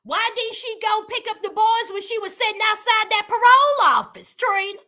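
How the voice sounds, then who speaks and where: A woman hosting a reality TV recap, telling the story in a sassy, animated way. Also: very high voice, normal speed. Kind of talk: casual comedic commentary.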